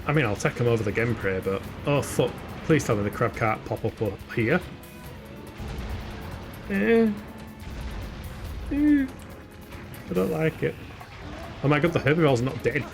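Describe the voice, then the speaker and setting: A man from England with a Yorkshire accent, giving jokey, chatty live commentary while playing a video game and answering chat questions. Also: mid-range voice. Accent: Yorkshire English. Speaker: gaming streamer. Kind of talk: live let's-play commentary.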